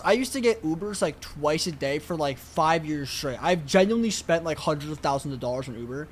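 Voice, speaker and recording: A man's voice: on the high side, slight background noise. A young man co-hosting a podcast in casual chat, swearing casually and explaining things in detail. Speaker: podcast co-host.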